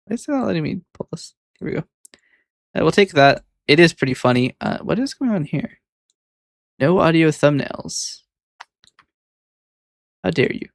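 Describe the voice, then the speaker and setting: Male streamer, gravelly low-key muttering, dry booth sound, casual and slightly exasperated. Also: very animated, normal speed, long pauses, dry recording. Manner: muttering commentary to himself, mildly exasperated. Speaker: VTuber editing his own clips. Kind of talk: casual talk while video editing.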